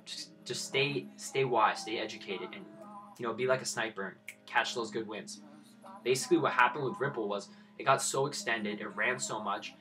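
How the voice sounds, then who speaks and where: Blunt, bright-voiced young man. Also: medium pitch. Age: 20s. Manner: blunt, profane, lecturing the viewers. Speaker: crypto trading streamer. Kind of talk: live-stream trading commentary.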